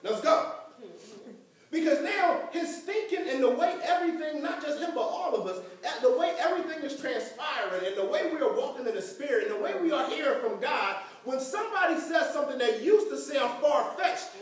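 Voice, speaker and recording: A woman's voice: sits high, expressive, fairly quick, few pauses. A woman pastor preaching a sermon to her congregation, emphatic and laughing often as she talks. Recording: echoey church from far off.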